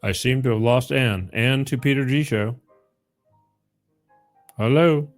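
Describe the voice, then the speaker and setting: A man's voice: medium pitch, slow, faint music behind. A middle-aged man hosting a call-in show, chatting casually and rambling, with frequent laughs and repeats. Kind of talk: casual call-in radio chat.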